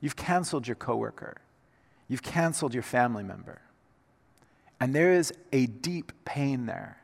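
A man preaching a sermon, moving between hushed, slow lines and loud, emphatic passages. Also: mid-range voice, expressive, vocal fry. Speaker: pastor. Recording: reverberant hall sound.

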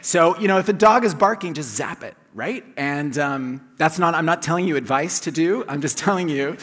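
A man's voice: fairly high pitch, expressive, moderate pace, hardly any pauses, fairly bright tone. Male pastor preaching in a reverberant church. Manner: conversational and self-deprecating, with restarts and laughs. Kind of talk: sermon. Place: church sanctuary. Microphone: handheld or lapel mic, checked aloud. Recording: long reverb of a large hall.

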